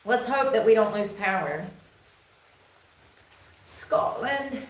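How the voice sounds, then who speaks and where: A woman's voice: mid-range voice, normal speed. North carolina lady with a thick twang, drawly and blunt, live streaming in a roomy echoey space, bit of hiss. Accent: North Carolina Southern twang. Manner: drawling, blunt, swears casually. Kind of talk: casual rambling chat to viewers. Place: indoor room, rain outside. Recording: echoey room, faint noise.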